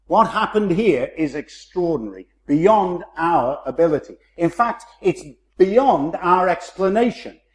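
A man preaching a sermon in a measured, emphatic way, slowing down to stress key phrases. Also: high-pitched.

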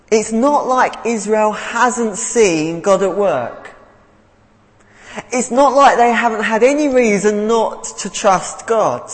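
Male preacher, earnest and unhurried, with a bouncy, animated delivery. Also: high voice, in a large hall, poor audio. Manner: earnest, repeats words as he goes. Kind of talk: sermon.

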